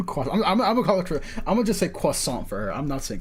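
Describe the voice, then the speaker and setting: A man's voice: fairly high pitch, big pitch swings, fast, husky, soft background music. Chatty joking streamer man. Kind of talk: casual game stream chat.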